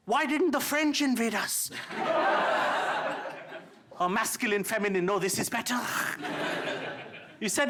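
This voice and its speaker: A man's voice: very high voice, lively intonation, measured pace, pauses often, a bit bright, a little hiss or hum. A middle-aged man from India doing a wry, self-deprecating stand-up set on a theatre stage, now and then mimicking other voices. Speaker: stand-up comedian. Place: theatre stage before a live audience. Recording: live theatre with audience laughter.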